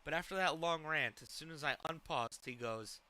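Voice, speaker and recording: A man's voice: on the high side, moderate pace, crowd noise. A man hosting a live stream, reacting to a clip with rambling, profane commentary. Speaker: streamer host.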